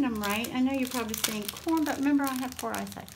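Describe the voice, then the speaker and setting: A woman's voice: a little high, fast talker, vocal fry, few pauses, noisy background. A woman, hosting a craft channel and chatting casually as she unboxes a gift, exclaiming over each item.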